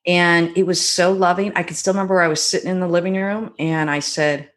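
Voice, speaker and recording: A middle-aged woman, a guest on a talk show, telling stories about her marriage in a reflective, gentle way. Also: fairly low pitch, fairly even intonation. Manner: warm, reflective storytelling with gentle pauses. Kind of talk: conversational podcast interview.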